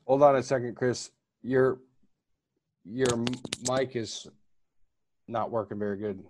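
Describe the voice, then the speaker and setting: A man hosts a casual online discussion. He talks in a halting way, stopping and restarting, and throws out questions as he goes. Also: medium pitch, fairly even intonation, noisy background.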